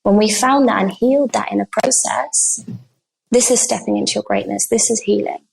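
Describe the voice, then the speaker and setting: A woman guest on a podcast telling a personal story in an earnest, animated way, acting out the dialogue she recounts. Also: mid-range voice, normal speed, vocal fry, husky. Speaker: guest coach on healing. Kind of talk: conversational storytelling.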